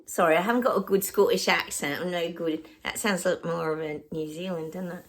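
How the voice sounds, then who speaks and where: A woman with an Australian accent, talking casually to camera as a psychic. Her voice sits a little low, and she rambles along, restarting sentences and often breaking off with a laugh. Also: fairly even intonation, brisk, a bit bright.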